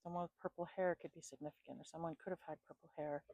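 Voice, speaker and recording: A woman doing an intuitive psychic reading at home, calmly listing names and places she picks up, thinking aloud and a bit sleepy. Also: low-pitched, racing, no echo, rough recording. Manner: calm, repetitive, thinking aloud. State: sleepy, yawning. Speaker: psychic reader.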